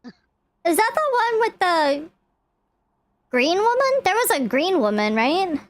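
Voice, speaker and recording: A young woman streams and chats casually with a friend over clips. Her voice sits high and moves a lot. It is close-miked and dry, with an unhurried pace. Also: no echo. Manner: relaxed, laughing, chatty. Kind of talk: casual chat while watching clips.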